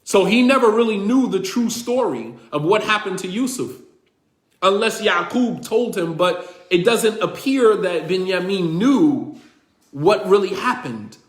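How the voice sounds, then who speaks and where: A man with a high voice tells a religious story as a lecture. He retells the dialogue, drops in Arabic quotes and repeats lines for weight. The room around him is echoey. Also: lively intonation, unhurried. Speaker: religious teacher.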